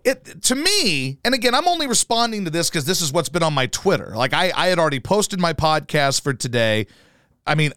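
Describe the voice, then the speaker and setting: A man's voice: on the high side, a bit bright, clean tone, dry recording, clean studio sound. A man hosting his own podcast, ranting in a profane, combative, rambling way. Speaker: podcast host.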